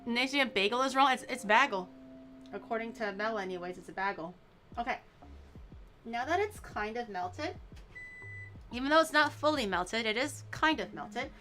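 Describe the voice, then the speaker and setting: Bright, teasing woman streamer. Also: fairly high pitch, lively intonation, moderate pace, long pauses. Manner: playful, teasing, drags out words to mock pronunciations. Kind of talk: casual cooking stream chat.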